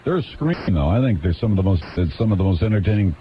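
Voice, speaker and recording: Low-voiced easygoing radio host. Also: male voice, sing-song, fast. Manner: easygoing, laughs often, wry. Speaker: radio talk show host. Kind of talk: casual call-in talk radio. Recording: dull lo-fi 1990s radio aircheck with faint hiss.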